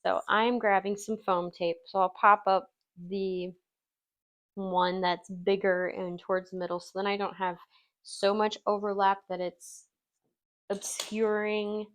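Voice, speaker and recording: A woman's voice: medium pitch, little pitch movement, slow. A woman from Wisconsin hosting a casual crafting tutorial, chatty and self-deprecating, laughing easily as she works. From Wisconsin, USA. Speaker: craft channel host.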